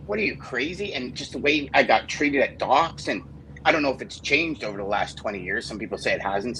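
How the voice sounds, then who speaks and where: A man hosting a podcast, telling a story casually and getting animated and swearing when worked up. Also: medium pitch, slight background noise, low-quality recording. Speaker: podcast host.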